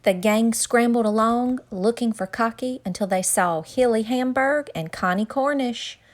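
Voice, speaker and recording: A woman's voice: a little high, a little slow. A woman reading a children's picture book aloud with dramatic, suspenseful narration. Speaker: storyteller. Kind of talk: storybook read-aloud.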